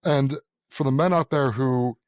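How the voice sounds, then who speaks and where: A man's voice: mid-range voice, unhurried, clean tone, dry recording, studio quality. A young man co-hosting a podcast, talking bluntly and profanely in casual chat and acting out the people in his stories. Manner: blunt, profane storyteller who acts out voices. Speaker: podcast co-host.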